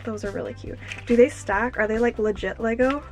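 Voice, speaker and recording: A young woman unboxing earrings at home, gushing and excitable, exclaiming often. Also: a little high, a little fast, soft background music. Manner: gushing, excitable, fillers like "oh my gosh". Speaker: YouTuber. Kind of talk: unboxing vlog.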